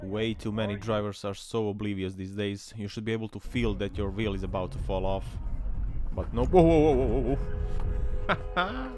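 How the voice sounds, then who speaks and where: A man, hosting a commentary over car crash clips, laughing often and bursting into loud excited exclamations. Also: on the low side, a little fast, over music. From Serbia. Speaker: host. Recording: voice-over with clear traffic noise. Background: car and road sounds from the clips.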